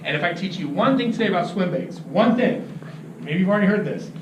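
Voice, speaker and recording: A man teaching about fishing, telling an animated story, laughing often and acting out what people said. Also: high-pitched, fast. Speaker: fishing instructor. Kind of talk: anecdotal teaching talk. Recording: roomy, distant mic with noisy ambience.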